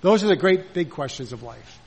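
A man's voice: fairly high pitch, lively intonation, moderate pace, darkish tone, breathy edge, low-quality recording. A man preaching a sermon in a conversational way, full of rhetorical questions and acted-out bits of dialogue.

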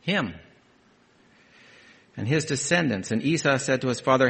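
A man preaching a sermon, reading scripture aloud and adding conversational, quietly emphatic asides. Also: medium pitch, lively intonation, normal speed, creaky.

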